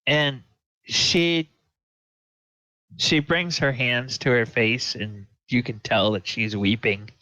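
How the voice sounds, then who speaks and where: A man's voice: medium pitch, steady tone, slow, long pauses, pushed and bright, no room sound, low-quality recording. A man narrating as game master of a tabletop game, with a hesitant delivery.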